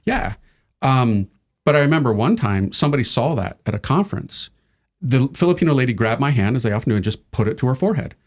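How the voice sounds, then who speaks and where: An American man, a priest, speaking as a guest on a podcast in a mid-pitched voice. He tells stories animatedly, jumping into the voices of the people he quotes. The talk is loose and conversational. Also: very animated, fast, darkish tone. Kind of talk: casual conversation.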